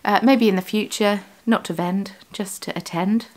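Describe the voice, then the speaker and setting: A woman's voice: medium pitch, fairly even intonation, normal speed. Woman, british, casual vlog chat, rambling, self-correcting, home studio. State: has the hiccups. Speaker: yarn dyer and vlogger.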